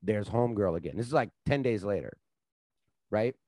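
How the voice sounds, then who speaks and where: A man telling loose, profane stories in casual chat, getting loud and laughing as he goes. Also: fairly low pitch, moderate pace, dry recording. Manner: profane, animated storyteller, laughs at his own stories.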